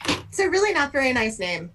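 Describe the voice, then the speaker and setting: A woman's voice: high-pitched, very animated, a little fast, a bit bright, slight background noise. A woman playing a tabletop game, teasing and playful. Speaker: player. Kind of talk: casual tabletop role-play.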